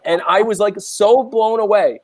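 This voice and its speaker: A man on a business roundtable telling a lively story, acting out the people he quotes. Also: high-pitched, moderate pace. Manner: animated, acts out quoted voices. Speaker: panelist, business owner.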